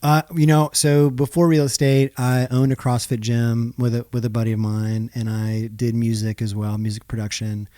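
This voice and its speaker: Man, thirties, interview guest, chatty storyteller, warm dark tone, dry room. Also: medium pitch, flat delivery, normal speed, few pauses, no room sound. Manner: chatty storyteller, acts out quoted dialogue. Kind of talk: casual interview chat.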